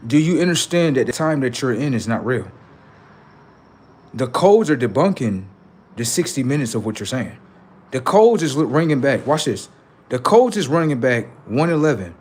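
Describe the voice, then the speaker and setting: Husky man ranting on a live stream. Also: mid-range voice, expressive, measured pace. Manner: profane, lecturing viewers on number codes. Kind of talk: casual live-stream chat.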